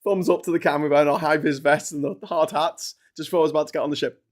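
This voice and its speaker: A man's voice: fairly high pitch, fairly even intonation, racing. A man hosting a livestream, telling a long, rambling travel anecdote in a chatty, digressive way. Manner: chatty storyteller, digressive, stops to chat while eating. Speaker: livestream host.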